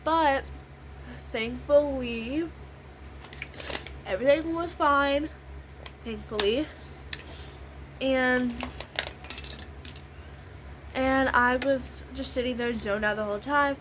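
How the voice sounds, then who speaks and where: A woman's voice: high voice, slow, long pauses, fairly bright tone, a little hiss or hum, low-quality recording. A young woman vlogger telling a long story in a rambling, casual way while doing her makeup, repeating the same little phrases. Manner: rambling, repeats "literally" and "I was like".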